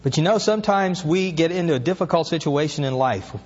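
A man's voice: a little high, animated, fairly quick, darkish tone, big-room sound, lo-fi sound. A pastor preaching an earnest sermon, his voice rising as he asks questions.

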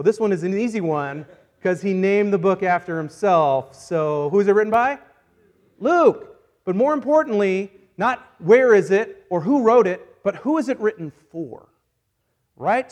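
High-voiced playful male pastor. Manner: playful, joking, energetic. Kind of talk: sermon with acted-out Bible story. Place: church service.

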